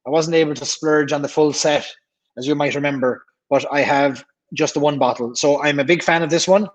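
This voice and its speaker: A man's voice: on the high side, fairly even intonation, brisk, low-quality recording. An Irish man hosting a casual livestream, chatting and reading viewer comments aloud, often repeating himself. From Ireland. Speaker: livestream host.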